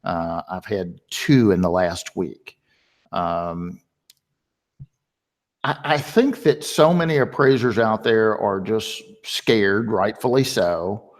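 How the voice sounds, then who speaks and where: A man hosting a webinar in casual conversation, chatty and telling stories with lively quoted voices. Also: lowish voice, takes it slowly. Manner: chatty, tells anecdotes with animated quoted voices. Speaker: webinar host.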